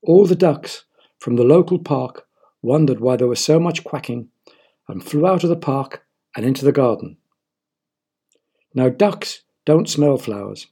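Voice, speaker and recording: A man's voice: medium pitch, animated, unhurried, long pauses, warm tone, slightly rough. A man narrating a children's story in a playful way, often asking the listeners questions.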